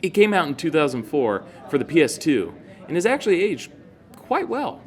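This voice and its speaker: A man's voice: on the high side, wildly swooping pitch, normal speed. A man co-hosting, eagerly explaining a video game in casual chat. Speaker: co-host.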